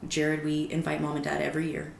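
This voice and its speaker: A woman's voice: low-pitched, fast, gravelly. A woman guest on a podcast, telling a personal story in casual conversation and acting out the lines of the people in it. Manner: animated, acts out quoted dialogue. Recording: roomy echo with faint background noise.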